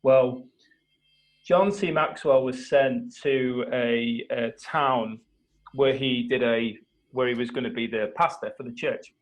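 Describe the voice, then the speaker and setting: A man's voice: medium pitch, slow, low-quality recording. Man telling a story. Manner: animated retelling with acted quotes. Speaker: host of a mastermind call. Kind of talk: casual storytelling on a live call. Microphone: video call.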